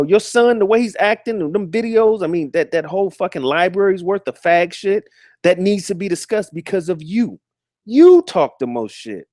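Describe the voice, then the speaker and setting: A man's voice: sits high, a little mellow, no echo, studio quality. A man hosting a live stream, ranting in a profane, combative, mocking way and often restarting and repeating words.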